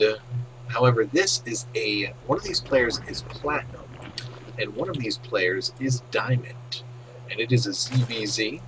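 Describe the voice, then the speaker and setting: A man's voice: on the low side, bright, forceful tone, a little hiss or hum, low-quality recording. A man casting a game replay in a goofy, rambling, self-mocking way. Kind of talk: casual game commentary.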